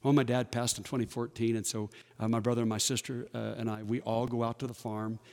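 Telling folksy personal stories at a church workshop, a man in his fifties acts out the dialogue in a conversational way. He speaks fast in a mid-range, slightly mellow voice with a level tone, recorded amid a large hall's long reverb.

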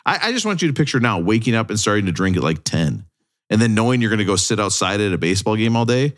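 Man, low voice, lively swings in pitch, wry jokes, casual chat. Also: quick pace. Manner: joking, wry. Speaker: podcast co-host.

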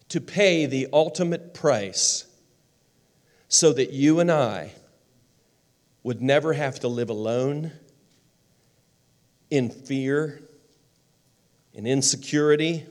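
Man, pastor, sermon, emphatic, slow stretched phrases, higher voice. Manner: emphatic preaching with slow, drawn-out phrases and soft storytelling stretches.

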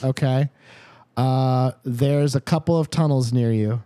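A man's voice: mid-range voice, fairly even intonation, unhurried, dark tone, no room sound. Laid-back man running a tabletop game. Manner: laid-back, swears casually. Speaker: dungeon master.

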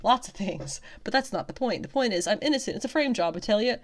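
A woman's voice: on the high side, expressive, quick pace, voice pushed up, lightly acted. A woman voicing a brash, wisecracking female antihero, read aloud with a bouncy, exaggerated delivery. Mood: sassy.

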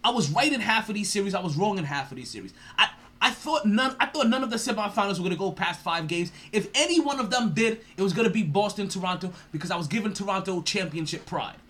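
A man's voice: sits high, quick pace, few pauses, a bit bright. A man hosting a sports podcast, ranting in a profane, mocking way and laughing often. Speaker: podcast host.

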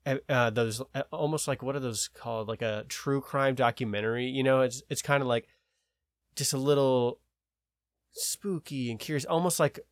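A man's voice: mid-range voice, moderate pace, no room sound. Rambling man, casual podcast chat. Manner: rambling, searching for words. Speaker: podcast co-host.

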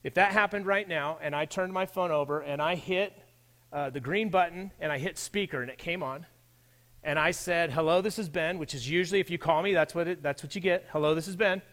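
A man's voice: a little high, a little fast, fairly bright tone. A man preaching a sermon in a church, talking in a conversational way and addressing his listeners directly. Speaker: pastor.

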